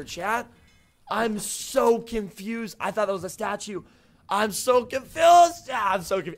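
Over slight background noise, a young man's high-pitched voice narrates his live video game stream to chat. He chats with viewers, greeting them by name, and tends to repeat himself when flustered.

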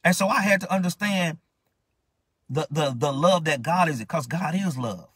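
A man's voice: a little high, lively intonation, moderate pace, fairly bright tone, husky, no room sound. A man ministering, preaching a sermon in a fervent, questioning way with many restarts.

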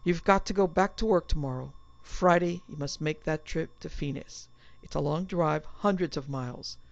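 A woman's voice: low voice, normal speed, vocal fry. A woman voicing an anxious middle-aged man in a panic, with a strained, agitated delivery. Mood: bracing. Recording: slightly dull, dry recording.

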